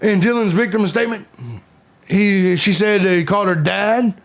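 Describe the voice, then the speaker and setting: A high-pitched male voice at a moderate pace belongs to a livestream host in his forties. He reads viewer comments aloud and hits back at trolls in a combative, profane way.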